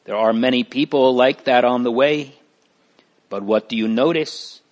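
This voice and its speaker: A man's voice: medium pitch, normal speed, lightly acted. A man reading as a solemn pilgrim. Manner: solemn, reflective. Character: solemn thoughtful male pilgrim.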